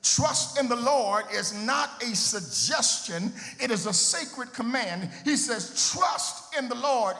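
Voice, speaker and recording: A middle-aged pastor, preaching a sermon in a sing-song cadence that swells into shouts, repeating words for emphasis. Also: male voice, extremely high pitch, animated, takes it slowly, creaky, few pauses. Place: church sanctuary. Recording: long hall reverb with faint music.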